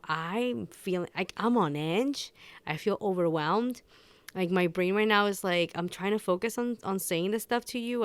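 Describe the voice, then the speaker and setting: Woman host, low-ish smooth voice, candid rambling solo podcast, close and dry. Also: dry recording. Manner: candid, rambling, with frequent restarts and fillers. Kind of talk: unscripted personal podcast talk.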